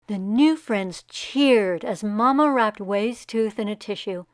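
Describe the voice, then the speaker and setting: A woman reading a children's picture book aloud, giving the characters voices and pausing to ask young listeners what will happen next. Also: a little high, clear, resonant tone, dry recording, studio quality.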